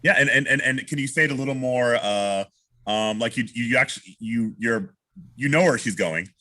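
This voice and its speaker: Man, vocal coach, bright voice, animated, restarts a lot, video call. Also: normal speed. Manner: animated, demonstrates lines by singing them high; many restarts and repeated words. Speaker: opera singer teaching a masterclass.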